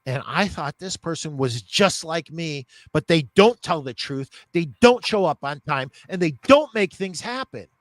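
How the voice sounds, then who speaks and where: A man's voice: on the high side, lively intonation, normal speed, few pauses, no room sound. A man hosting a podcast interview, a store owner talking in an earnest, heartfelt way.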